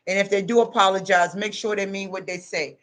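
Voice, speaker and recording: A woman's voice: mid-range voice, steady tone, fairly quick, fairly bright tone. Middle-aged woman vlogger, preachy and emphatic, repeats every point. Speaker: advice vlogger. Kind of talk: casual advice monologue.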